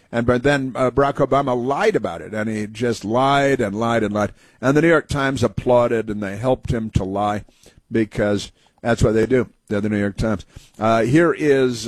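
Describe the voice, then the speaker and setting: A man's voice: medium pitch, no echo. A male talk radio host giving scornful, sarcastic political commentary in a rambling way.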